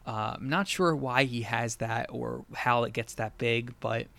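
A man with a gravelly voice, a podcast guest in casual chat who makes dry jokes and laughs along. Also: medium pitch, unhurried, a bit bright.

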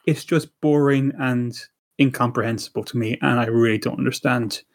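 A man's voice: mid-range voice, fairly even intonation, moderate pace. A man co-hosting a podcast, chatting casually and rambling with many restarts and repeated words. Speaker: podcast co-host. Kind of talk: casual chat.

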